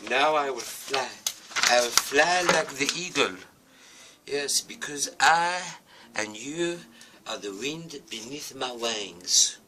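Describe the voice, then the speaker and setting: A man's voice: medium pitch, expressive, slow, noisy background. A man voicing a cheerful, self-assured French bird with stumpy wings, speaking in a put-on French accent and pepping himself up grandly. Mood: determined. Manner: grandly determined, self-pep-talking. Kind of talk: comic storytelling with a toy.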